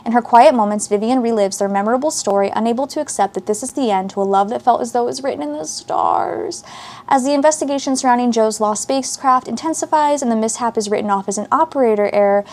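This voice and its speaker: Higher-voiced woman, book vlogger, reads blurbs aloud with chatty asides. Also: quick pace, a little mellow. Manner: chatty, reacts to what she reads. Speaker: book channel host. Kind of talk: casual book haul chat, reading synopses aloud.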